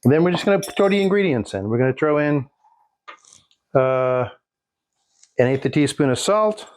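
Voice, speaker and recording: A man's voice: on the high side, lively intonation, normal speed, darkish tone. A man casually showing a recipe in his home kitchen, rambling with folksy jokes and asides. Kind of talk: casual cooking demonstration.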